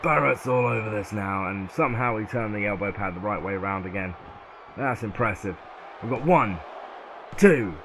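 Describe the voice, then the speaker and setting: Southern English male commentator with a lowish voice and loud game sound behind him, who gets excitable and shouts at near-falls. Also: normal speed, slight background noise.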